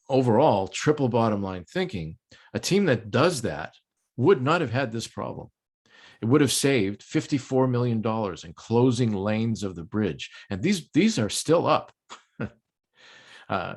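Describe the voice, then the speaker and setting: An older man from the United States lecturing a project management audience in a conference talk, explanatory with frequent ums and light jokes. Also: fairly low pitch. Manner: explanatory, occasional filler ums, light joking.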